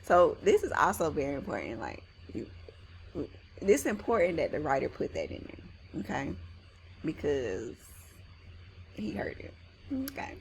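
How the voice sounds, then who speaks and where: A woman teacher reading a story aloud to students, with animated, slangy asides between soft read passages. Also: deep voice, unhurried, creaky, pauses often, a little hiss or hum.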